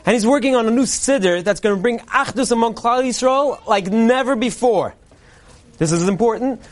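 A man delivering a parody Purim sermon, a mock-earnest preacher cadence and deadpan punchlines. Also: very high voice, moderate pace. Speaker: comedian delivering a mock Purim Torah speech.

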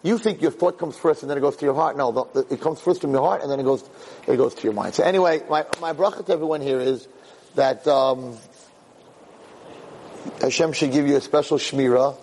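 A middle-aged man, a rabbi, giving a Torah class as an animated storyteller who repeats words as he restarts his sentences. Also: medium pitch, brisk, slight background noise.

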